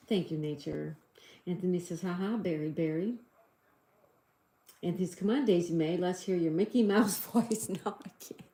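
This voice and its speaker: A woman's voice: on the low side, mellow, reverberant. A middle-aged woman hosting a casual livestream, chatting, giggling and reading out viewers' comments. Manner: chatty, giggly, reads out chat messages. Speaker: livestream host.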